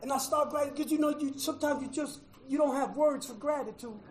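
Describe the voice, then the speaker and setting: A middle-aged man gives a personal testimony about his recovery to a fellowship meeting audience, emotional and preacher-like in rhythm, swinging from hushed tones to shouting. He repeats phrases and says "man" often. His voice is very high-pitched and a little fast, in a reverberant, low-quality recording.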